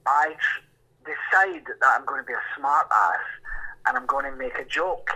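Husky older man with a forceful edge. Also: medium pitch, rough recording. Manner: lively raconteur, acts out voices in quotes. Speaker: musician telling a story. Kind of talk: anecdotal storytelling.

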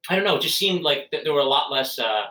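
A brewer talks at length on a casual podcast, rambling with fillers and false starts. His voice is a bit high, bright, and forceful, delivered fast and with lots of animation. The audio sounds roomy, as if he's far from the mic.

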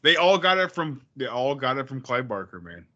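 A man's voice: mid-range voice, very animated, normal speed, pushed and bright. A blunt man in casual podcast talk who swears freely and calls the others "man" and "buddy". His voice comes through slightly dull and lo-fi. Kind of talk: casual chat.

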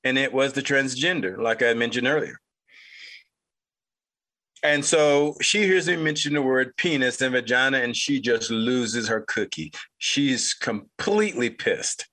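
Brief: fifties male podcast host from North Carolina, bright tone, rambling anecdotal storyteller. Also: medium pitch, a little slow. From North Carolina, United States. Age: 50s. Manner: rambling, repetitive, chuckling anecdotal delivery. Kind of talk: casual storytelling monologue.

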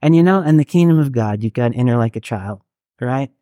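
An earnest middle-aged man speaks to a small group in a mellow, warm voice. He talks conversationally and keeps doubling back to restart his sentences. The sound is close and dry, with no room around it. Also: medium pitch, expressive, fast, dry recording. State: getting teary. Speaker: worship leader and chaplain teaching a workshop. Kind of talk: talk to a live group.

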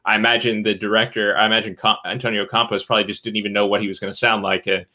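Bright-voiced man hedging his opinions. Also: on the low side, little pitch movement. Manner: halting, hedging opinions with fillers. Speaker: film review podcast co-host. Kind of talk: casual film review chat.

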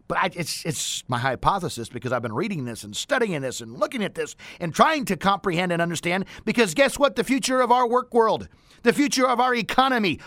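A man hosts a talk radio show in a high, lively voice that swings widely up and down. His tone is bright and pointed, and the close studio sound is completely dry. He rants emphatically and fires off rhetorical questions. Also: no room sound.

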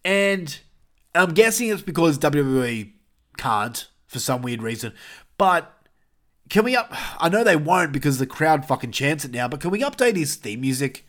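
A young man hosting a casual wrestling review podcast, animated and swearing, with jokey asides. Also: fairly high pitch, normal speed.

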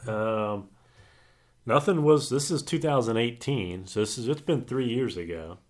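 A man's voice: mid-range voice, lively intonation, unhurried. A man co-hosting a podcast, talking sports in a rambling, hesitant way with many fillers. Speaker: podcast co-host. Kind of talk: casual sports chat.

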